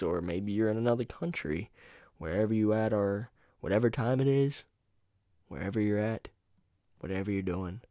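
A man from North Carolina hosting his own podcast, talking in a loose, rambling way and cursing freely. His voice sits low, and the USB mic at home gives it a close, dry sound with no room echo. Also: warm tone. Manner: rambling, profane, laid-back. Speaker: podcast host. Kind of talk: casual solo podcast monologue. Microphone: USB microphone.

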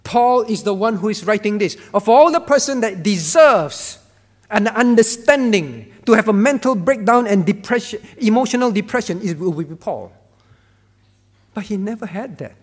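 A male pastor preaching a sermon with emphatic repetition, swinging from quiet to loud. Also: high voice, animated, normal speed. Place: church sanctuary. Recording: church hall with long reverb.

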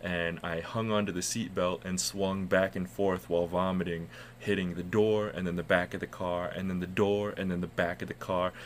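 A man's voice: sits low, flat delivery, normal speed, hardly any pauses, slight background noise. A man from the United States co-hosting a casual podcast, telling rambling, profane stories. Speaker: podcast co-host.

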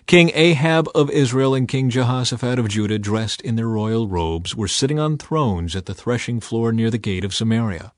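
A man reads scripture aloud in an expressive way, and his pitch rises and falls a great deal. The sound is dry and close, with no room echo. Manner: expressive, acts out the quoted speech. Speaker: scripture reader. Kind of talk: Bible reading.

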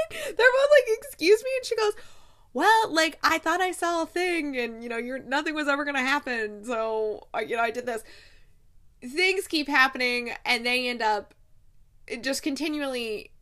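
A woman book vlogger recapping a romance novel in casual chat, chatty and excitable, acting out quotes and laughing often. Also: mid-range voice.

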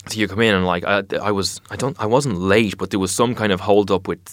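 A man's voice: on the low side, fairly even intonation, fairly quick, dry recording, clean studio sound. A man, an actor being interviewed, talking in a thoughtful, rambling way with many fillers. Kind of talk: casual interview chat.

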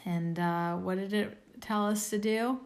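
Woman card reader, late-night casual reading, gravelly, unhurried, blunt and a bit cheeky. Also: mid-range voice, steady tone. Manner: blunt, swearing, self-mocking. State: tired.

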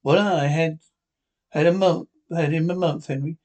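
An actor playing a scheming henpecked husband in a 1950s radio drama, talking in a confiding, conspiratorial way. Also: male voice, a little high, steady tone, normal speed, a little mellow, lightly acted. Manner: confiding, conspiratorial, eager to show off. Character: sly henpecked middle-aged husband, scheming and pleased.

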